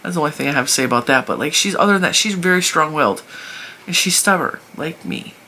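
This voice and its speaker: 40s lady rambling on her crafting vlog, kinda low voice but bright and sharp, giggles a lot, phone propped up in front of her. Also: animated, quick pace, slight background noise. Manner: chatty, laughs often between thoughts. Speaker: crochet channel host. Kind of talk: casual vlog chat. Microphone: phone mounted in front of her.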